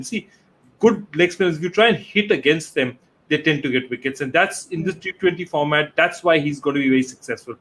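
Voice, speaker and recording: A man's voice: fairly high pitch, fairly bright tone. A man giving confident, assertive cricket analysis on a talk show. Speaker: cricket pundit.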